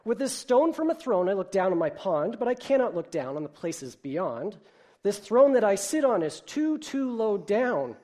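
Man doing a turtle king, bragging, bellowing, pitched up high, lively swings. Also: moderate pace. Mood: boastful. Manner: loud, lofty, commanding. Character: boastful greedy male turtle king.

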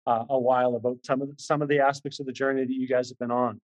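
A man's voice: medium pitch, little pitch movement, fast talker, rough recording. A man preaching a sermon in a conversational way, earnest and repetitive, often restarting his sentences. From Canada. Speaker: visiting preacher.

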